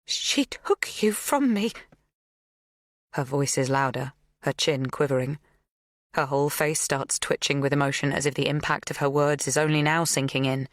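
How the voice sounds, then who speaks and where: A woman voicing a tearful, pleading middle-aged woman in an audiobook, breathy and rushing her words. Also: rumbling low, flat delivery, no echo, studio quality.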